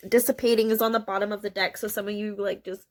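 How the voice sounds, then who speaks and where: Woman tarot reader, casual and chatty, emotional, laughs often, talks straight to her viewers. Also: mid-range voice. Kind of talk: casual spiritual card reading.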